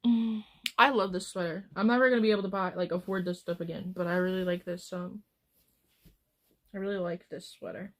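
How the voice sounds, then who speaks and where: A woman's voice: on the low side, fairly even intonation, brisk. Woman live streamer with a loose, wandering way of chatting with her viewers. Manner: rambling, chatting with chat, drifting off-topic. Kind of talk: casual chat with viewers.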